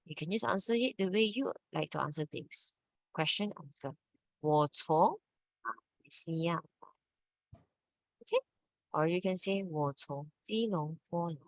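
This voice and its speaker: A woman's voice: on the low side, unhurried, long pauses, no echo, low-quality recording. A woman teaching a Mandarin lesson, patiently checking understanding. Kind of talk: online language lesson.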